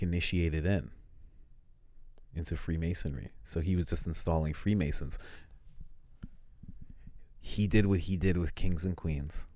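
Deep, expressive young guy, slangy casual chat, laughs a lot, dry sound. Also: no echo. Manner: animated, laughs often, slangy.

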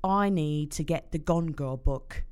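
A woman voicing a spacey, detached woman calmly scheming. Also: low-pitched, unhurried, clean tone. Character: spacey detached woman plotting her fake death.

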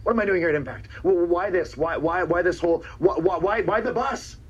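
Husky boastful wrestler cutting a promo. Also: male voice, high voice, a little fast, lo-fi sound. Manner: boastful, taunting, stammering repeats. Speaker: pro wrestler. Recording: clip played from a TV broadcast.

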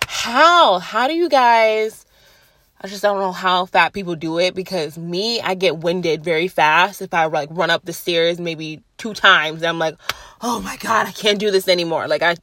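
A woman's voice: lowish voice, sharp tone. Blunt, foul-mouthed young woman ranting. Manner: blunt, profane, chatty rants; laughs at herself mid-sentence. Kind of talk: casual talk to camera.

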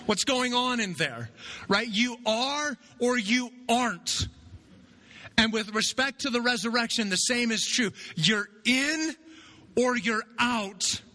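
A man preaching with a very bright, forceful voice pitched high for a man. His delivery is conversational, and he keeps checking in with the congregation with a quick "right?" as he makes his points. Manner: conversational, asks "right?" often. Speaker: pastor. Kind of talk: sermon.

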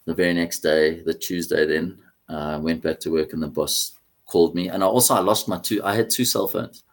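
A man recounting a personal story as an interview guest. His voice sits fairly low, and he tells it with animated, casual energy, peppering his talk with "mate" and swearing.

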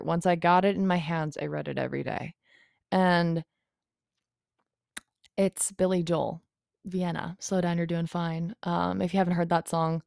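Candid young woman with a smooth low voice. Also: darkish tone, dry recording, clean studio sound. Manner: frank and confessional, rambling, swears freely. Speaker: podcast host. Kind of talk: candid solo podcast monologue.

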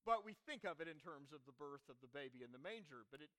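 A man preaching a sermon to his congregation, building to emphatic swells, then dropping low, with repeated rhetorical questions. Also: lively intonation, fast talker, bright, forceful tone. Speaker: pastor.

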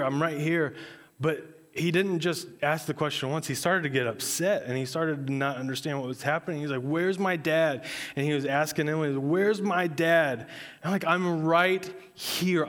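A man in his thirties, a pastor preaching a sermon in a conversational, earnest storytelling way. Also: medium pitch.

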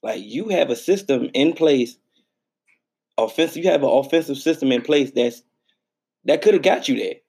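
A man's voice: mid-range voice, animated, moderate pace, long pauses, a little mellow, husky. A man co-hosting a sports podcast, talking in a hyped, slangy, teasing way. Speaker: podcast co-host. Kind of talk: casual sports podcast chat.

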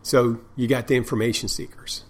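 A man's voice: mid-range voice, level tone, brisk. Rambling, profane man telling bar stories. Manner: rambling, profane, with many restarts. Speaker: bartender and podcast host. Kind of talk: casual storytelling monologue.

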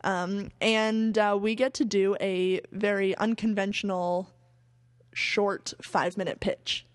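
A woman's voice: mid-range voice, little pitch movement, slow pace, no room sound. Dry-sounding woman co-host, casual podcast. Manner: bawdy, laughing, explains plainly.

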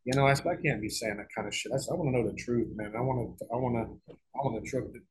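A man's voice: mid-range voice, fairly even intonation, fast, low-quality recording. A middle-aged man telling a long story in a casual interview, rambling and profane, with frequent restarts and repeated words. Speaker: guest author.

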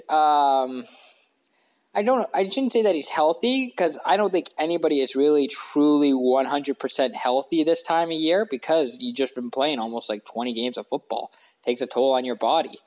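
A man's voice: on the high side, darkish tone, muffled recording. A man hosting a casual sports podcast from his couch, rambling and correcting himself with lots of fillers. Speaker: podcast host. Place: living room couch.

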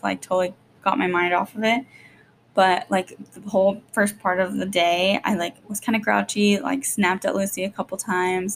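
A young woman and mother chatting casually to her vlog, rambling quickly with lots of "like", jittery and short on sleep. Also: medium pitch, gravelly, slight background noise. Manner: rapid rambling, lots of "like", nervous. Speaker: vlogger, young mom.

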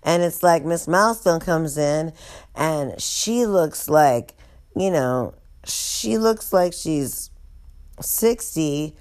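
A woman with a very low voice tells a story in a loose, chatty way. She swears freely and laughs along with herself. Her delivery stays animated throughout. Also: slow. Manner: animated, profane, laughs often. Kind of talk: casual storytelling vlog.

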